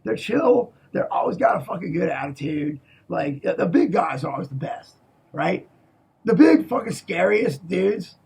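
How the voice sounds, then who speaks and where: A man in a rambling, profane monologue, swinging between loud outbursts and low mutters and tagging lines with "okay?". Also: very animated, normal speed, gravelly, breathy edge. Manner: profane, repeats "okay?", restarts a lot.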